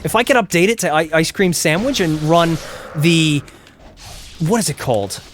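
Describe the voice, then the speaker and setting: Brief: young man, game streamer, slightly high voice, loose rambling commentary with the odd curse. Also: expressive, moderate pace, slight background noise. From England. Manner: rambling, chatty, swears when the game goes wrong. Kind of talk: casual gameplay commentary.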